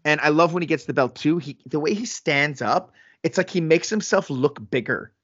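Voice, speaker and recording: A man co-hosting a podcast in casual chat, animated, laughing often and acting out quotes. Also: on the high side, normal speed, slightly rough, no room sound, highs cut off. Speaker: podcast co-host.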